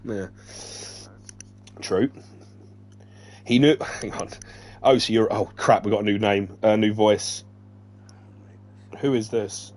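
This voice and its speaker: Guy reading a novel on stream, plain steady reading, trips over words now and then. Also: on the low side, slow, long pauses. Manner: plain reading with slips and restarts. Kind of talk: reading a novel aloud on stream, chatting with viewers.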